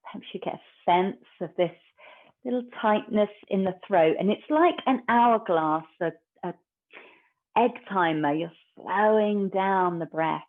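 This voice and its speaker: A woman, a yoga teacher guiding a class in a calm, gentle, unhurried way. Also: mid-range voice. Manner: calm, slow, gentle guidance. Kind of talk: guided yoga instruction. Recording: tinny phone-like recording.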